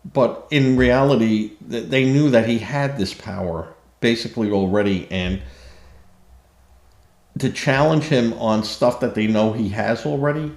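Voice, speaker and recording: Slow, low-voiced indignant male commentator. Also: darkish tone, echoey room. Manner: indignant, sarcastic, many fillers and restarts. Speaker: political commentary host. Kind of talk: opinion commentary monologue.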